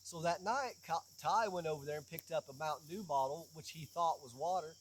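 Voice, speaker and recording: A man hosting a casual chat outdoors, telling a funny story with lively energy. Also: on the high side, a little fast, few pauses, slight background noise, poor audio. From southeastern Kentucky. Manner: animated, playful storyteller. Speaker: podcast host.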